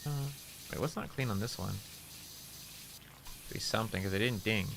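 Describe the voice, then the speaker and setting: A man's voice: on the low side, moderate pace, vocal fry, noisy background. A man chatting casually on a gaming stream, rambling through funny stories with lots of laughing and swearing. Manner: rambling, laughing storyteller who swears a lot.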